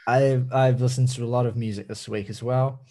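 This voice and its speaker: A man's voice: mid-range voice, fairly even intonation, a little fast, mellow. Kiwi guy on a music podcast, rambly, keeps restarting his sentences. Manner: rambling, self-correcting, laughs mid-sentence. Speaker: podcast co-host. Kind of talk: casual music review chat.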